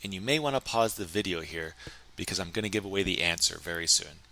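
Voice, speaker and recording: A man teaching a recorded Chinese grammar lesson, explaining in English and slowly modeling sentences in Chinese. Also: sits low, creaky, bright, forceful tone.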